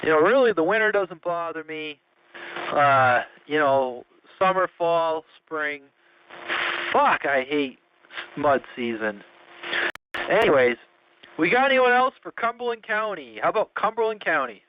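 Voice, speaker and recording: A man's voice: fairly high pitch, animated, measured pace. A man running a radio check-in, chatty and joking, laughing often. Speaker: net control host of a radio check-in. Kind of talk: casual radio chat. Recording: muffled audio with faint noise.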